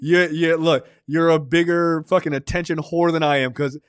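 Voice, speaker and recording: A man co-hosting a podcast, brash and profane as he jokes and ribs his partner. His voice sits a little higher than usual for a man and sounds close and dry. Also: steady tone, normal speed, smooth, no echo. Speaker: podcast co-host. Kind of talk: casual chat.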